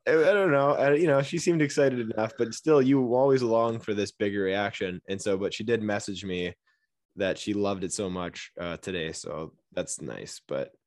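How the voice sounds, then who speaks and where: A man co-hosting a podcast, telling stories in a casual, animated way and acting out the people in them. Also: fairly low pitch, moderate pace, dry recording, studio quality. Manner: animated storyteller who acts out voices. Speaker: podcast co-host.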